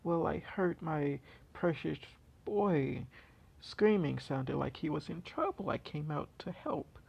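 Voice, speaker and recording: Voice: medium pitch, sing-song, takes it slowly, gravelly, a little mellow, breathy edge, lo-fi sound, exaggerated voice. A storyteller voicing a doting, secretive mother in a casual fan story retelling, speaking in a soothing, offhand way.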